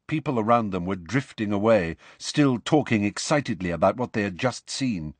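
A man reading a novel aloud as narrator, steady and expressive. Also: lowish voice, normal speed, few pauses, no echo. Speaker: audiobook narrator. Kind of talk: scripted narration.

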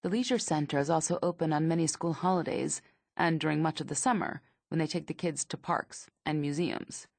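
A woman in her thirties narrating her memoir in a dry, observational manner, with a husky, gravelly voice. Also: sits low, brisk, no echo. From United States.

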